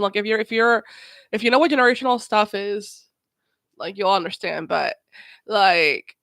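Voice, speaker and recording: Hosting a watch-along, a woman reacts to a documentary with emphatic commentary, swearing and repeating words. Her voice is medium-pitched with a fairly bright tone, and there's no room sound.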